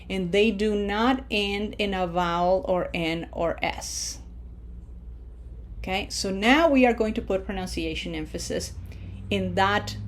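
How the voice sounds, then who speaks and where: A woman leads a Spanish pronunciation lesson at an unhurried pace. She explains step by step in a mid-range voice and keeps checking in with her students as she goes. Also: medium pitch. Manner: patient, repeats "okay?" often, models words slowly. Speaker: Spanish teacher. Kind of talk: classroom lesson.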